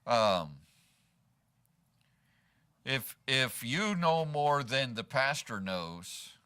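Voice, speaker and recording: This pastor's medium-pitched voice swings widely in pitch, drawing out words in a pushed, bright, yet smooth delivery. Preaching in a church sanctuary, he keeps things conversational with many rhetorical "right?"s to the congregation.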